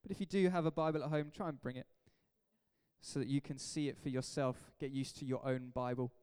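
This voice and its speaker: A man's voice: mid-range voice, steady tone, brisk, a little mellow, clear, resonant tone. A man, a pastor preaching an emphatic, jokey sermon in a church hall. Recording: echoey hall reverb.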